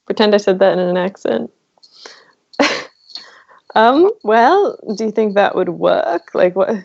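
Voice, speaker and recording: A woman's voice: mid-range voice, lively intonation, slow, gravelly, a little mellow, lo-fi sound. A woman playing a tabletop game, dry and asking about the rules. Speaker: player. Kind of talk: casual tabletop play.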